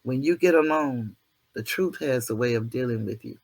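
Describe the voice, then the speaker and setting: A man's voice: medium pitch, normal speed, darkish tone. A man hosting his own channel, giving a motivational monologue to viewers in an earthy, preachy way with mild cursing and self-deprecating asides. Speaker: channel host.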